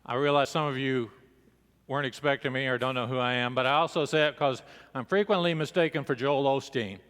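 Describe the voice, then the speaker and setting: A man's voice: medium pitch, steady tone, fairly quick, a bit bright, smooth. A man preaching a sermon in a church, opening with a folksy joke and easy storytelling. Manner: folksy joke-telling delivery. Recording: long reverb of a church hall.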